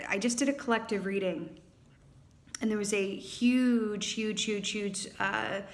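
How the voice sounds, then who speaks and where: A woman giving a casual tarot reading to camera, animated and quick to exclaim, acting out quoted lines. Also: mid-range voice. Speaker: tarot reader.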